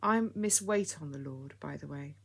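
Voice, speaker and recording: A woman reading the lines of a kindly, grateful old lady in an audiobook story, speaking softly and calling the listener dear. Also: low-pitched, moderate pace, vocal fry, breathy edge, heavily acted. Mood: fond. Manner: soft, fond, calls people dear.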